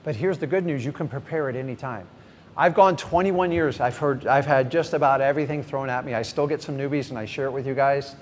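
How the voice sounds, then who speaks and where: A middle-aged man, a real estate coach, teaching a live seminar with energy and speaking straight to the audience. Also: fairly quick. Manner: energetic, talks straight to the crowd. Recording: reverberant hall, faint rumble.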